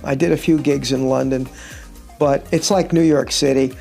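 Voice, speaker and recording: A man's voice: mid-range voice, fairly even intonation, normal speed, vocal fry, warm tone, soft background music. A middle-aged man, a touring guitarist, chatting casually in an interview and telling rambling stories with wry humor. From United States.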